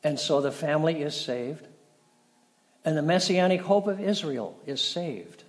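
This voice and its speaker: A middle-aged male pastor preaching a sermon, telling stories with dramatic shifts between loud and soft. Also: on the high side, animated, measured pace. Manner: storytelling, dramatic shifts in volume.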